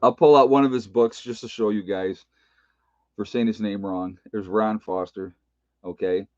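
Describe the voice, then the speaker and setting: A man's voice: lowish voice, steady tone, normal speed, no room sound. Older man, retired nurse, hosting a casual stream; rambling, self-mocking, dry and dull audio. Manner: rambling, chuckling, self-teasing. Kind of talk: casual live stream chat. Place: indoor room with bookshelves.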